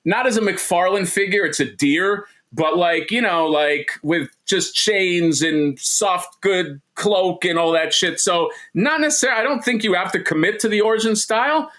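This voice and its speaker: A man's voice: sits high, normal speed, few pauses, fairly bright tone. A man co-hosting a casual livestream chat, rambling and joking with lots of restarts and fillers. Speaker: co-host.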